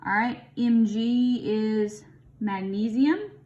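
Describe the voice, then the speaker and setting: A woman's voice: on the high side, slow pace, warm tone, highs cut off. A woman explaining chemistry naming rules as a teacher, in a casual, chatty way that thinks aloud with a bit of humor. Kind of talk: recorded lesson explanation.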